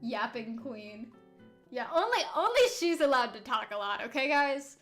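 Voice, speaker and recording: A chatty woman with a high voice gives casual game-stream commentary. She giggles often and drops into soft asides, with faint music playing behind her. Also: expressive, normal speed. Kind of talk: casual let's-play commentary.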